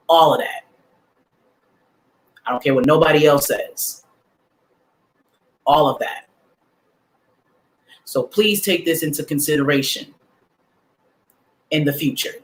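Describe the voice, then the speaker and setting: Like a preacher, this livestream host repeats affirmations with emphasis in a motivational talk full of casual slang. He's a man whose voice is fairly high-pitched and a bit bright.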